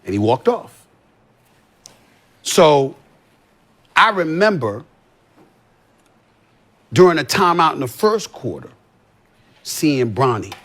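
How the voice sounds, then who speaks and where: A man's voice: on the high side, sing-song, slow, pauses often, a bit bright. A man talking in a heated, profane podcast conversation, pressing his points again and again. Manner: emphatic, profane, repeats points. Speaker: sports commentator as podcast guest.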